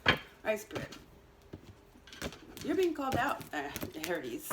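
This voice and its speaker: A woman's voice: medium pitch, huge pitch swings, a little slow, very noisy. A woman giving a casual astrology and tarot energy reading, talking straight to her viewers in a chatty, teasing way with lots of fillers and little laughs. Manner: chatty, teasing, full of "you know" fillers, laughs at herself.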